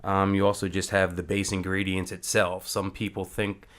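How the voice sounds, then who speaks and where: Low monotone guy explaining things plainly. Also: moderate pace. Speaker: company co-founder guest. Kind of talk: casual interview answers.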